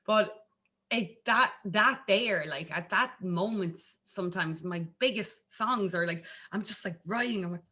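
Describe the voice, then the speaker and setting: An Irish woman from Ireland, a singer-songwriter chatting casually as an interview guest, animated and full of restarts. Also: unhurried. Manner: animated, acts out quotes in a jumpy high voice, lots of restarts.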